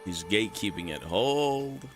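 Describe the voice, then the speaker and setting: A man's voice: lowish voice, animated, a little slow, music in the background. A man streaming a video game, chatting casually and joking with viewers, often swearing and rambling. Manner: joking, profane, rambling to chat. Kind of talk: casual gaming stream commentary.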